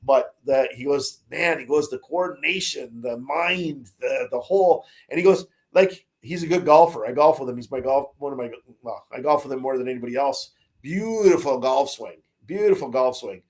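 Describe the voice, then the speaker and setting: A man's voice: medium pitch, fairly quick, hardly any pauses, a little mellow. A man co-hosting a casual sports chat, rambling with lots of fillers and restarts. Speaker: podcast co-host. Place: Caribbean, remote.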